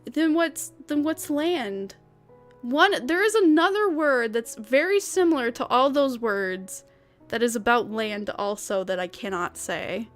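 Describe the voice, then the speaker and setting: A woman's voice: a little high, animated, a little slow, faint music behind. A young woman chatting casually while streaming a game, rambling, stumbling over words and laughing often. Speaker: streamer playing a cleaning game. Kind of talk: casual livestream chat while gaming.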